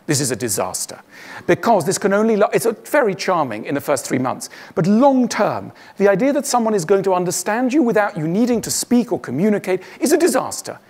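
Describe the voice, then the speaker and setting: A man giving a witty stage talk to an audience, acting out the voices he quotes. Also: high voice. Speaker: public speaker.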